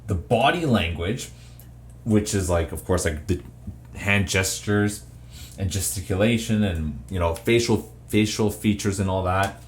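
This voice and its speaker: A man's voice: low voice, measured pace, slight background noise. A man giving casual advice to camera, rambling with lots of fillers and restarts. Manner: rambling, filler-heavy, with self-interrupting restarts. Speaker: YouTuber giving personality-type advice.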